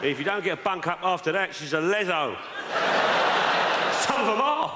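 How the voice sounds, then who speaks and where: A man's voice: high voice, sing-song, moderate pace. A man playing a vain, boastful South London lad with a South London accent, giving dating tips chattily on a live stage. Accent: South London Cockney. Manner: boastful, chatty, keeps checking "right?". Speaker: stand-up character. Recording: echoey live theatre with audience noise.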